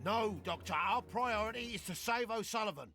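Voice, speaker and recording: An actor playing a brisk, commanding male prison guard chief. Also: high voice, expressive, sharp tone, soft background music, full character voice.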